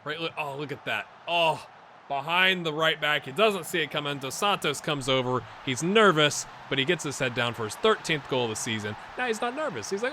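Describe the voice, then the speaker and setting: Excitable man commentating his football game. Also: on the high side, a little fast, slight background noise. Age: middle-aged. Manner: excitable, swings from mutters to shouts. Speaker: gaming YouTuber. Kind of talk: live gameplay commentary.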